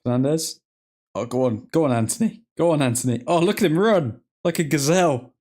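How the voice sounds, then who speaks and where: A man's voice: a little high, brisk, darkish tone. A man hosting a football watchalong, reacting live to the match in chatty fan talk full of slang. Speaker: watchalong host.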